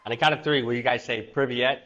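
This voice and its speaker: A man's voice: medium pitch, steady tone, quick pace, bright, forceful tone. A man hosting an online cooking class, talking casually with a chatty, wandering storytelling manner. His voice sits in a middle register, and the livestream audio sounds a little dull and muffled.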